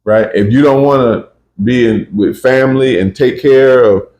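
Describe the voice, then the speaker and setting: A man's voice: mid-range voice, normal speed, darkish tone, roomy sound. A man hosting a casual spiritual talk, emphatic and often checking in with "right?" and "you see?". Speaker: podcast host.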